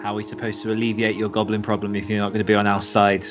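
A man's voice: fairly low pitch, completely flat delivery, very fast. A man playing a tabletop game, mock-indignant and theatrical. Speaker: player. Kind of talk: casual tabletop play. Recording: dull lo-fi with music behind.

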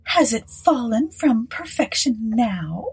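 A woman voicing a hardened, bitter woman who runs a remote plantation, in a high, breathy voice. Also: very animated, slow pace, darkish tone, heavily acted, poor audio. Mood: brittle, bright.

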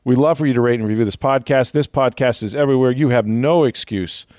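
A man's voice: medium pitch, fast, a little mellow, no room sound, clean studio sound. A man hosting a sports podcast, chatting casually and rambling with fillers and easy laughs. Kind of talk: casual chat.

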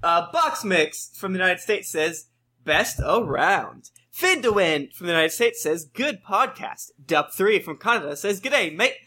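A man's voice: high-pitched, lively intonation, a little slow, bright, forceful tone. A man co-hosting a casual podcast among friends, reading listener reviews aloud with playful, jokey emphasis.

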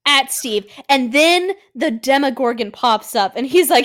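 A woman's voice: high-pitched, animated, fairly bright tone, slight background noise. A woman co-hosting a podcast, joking her way through a casual recap of a TV show. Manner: playful, jokey, quick asides. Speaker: podcast co-host.

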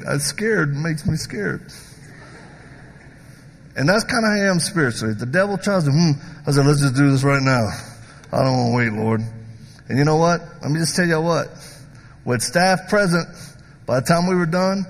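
A man preaching a sermon who tells stories in an animated, joking way and acts out the voices of the people in them. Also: a little high, normal speed. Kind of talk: sermon with storytelling. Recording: long hall reverb.

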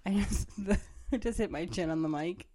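A woman's voice: fairly low pitch, moderate pace, dark tone. A woman co-hosting a podcast, chatting casually with a slightly nasal voice, swearing freely and laughing often. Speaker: podcast co-host. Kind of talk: casual chat.

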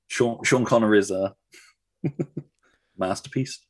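A man's voice: on the low side, very slow, breathy edge, dry recording. A man co-hosting a film podcast, laid-back and hesitant. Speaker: podcast co-host. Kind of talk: casual film podcast chat.

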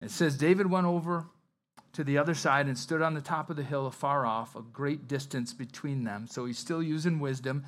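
Male pastor, sermon, fairly high voice, chatty and lively delivery. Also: moderate pace. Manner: conversational, animated when acting out Bible scenes.

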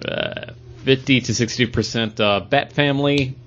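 A man's voice: medium pitch, normal speed, fairly bright tone, slight background noise. A man co-hosting a podcast, joking and offhand in casual chat. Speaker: podcast co-host. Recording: dull lo-fi sound.

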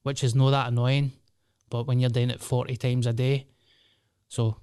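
A man's voice: medium pitch, level tone, normal speed, darkish tone, clean tone, no room sound, clean studio sound. A Scottish man in his thirties, a comedian telling rambling, sweary stories on his solo podcast. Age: 30s. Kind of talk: casual solo podcast monologue.

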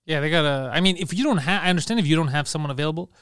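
A man's voice: on the high side, rapid-fire, fairly bright tone, clean tone, no room sound, clean studio sound. A young man co-hosting a casual podcast, telling stories animatedly and laughing often. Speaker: podcast co-host.

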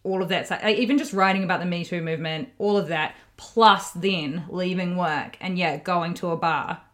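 A woman talking casually with a co-host and reacting quickly to what she hears. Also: on the low side, a bit bright. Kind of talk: casual chat.

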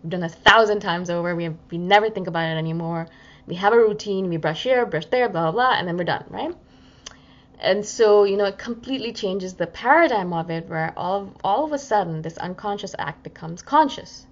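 A woman's voice: medium pitch, fairly quick. A woman talking through a casual reflective podcast monologue, chatty and acting out inner voices. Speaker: self-help podcaster. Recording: slightly dull lo-fi audio.

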